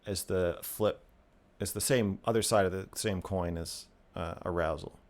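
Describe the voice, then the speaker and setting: A man who is a guest in an interview, telling stories bluntly and often dropping to a quiet mutter. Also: sits low, fairly even intonation, normal speed. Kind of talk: casual conversation.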